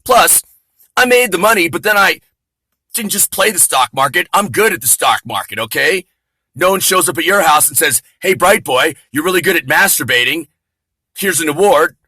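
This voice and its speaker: A man's voice: a little high, expressive, normal speed, bright, forceful tone, breathy edge, dry recording, pitched above the performer's own voice, heavily acted. A man voicing a defensive, boastful self-made man who talks in an indignant, blustering way.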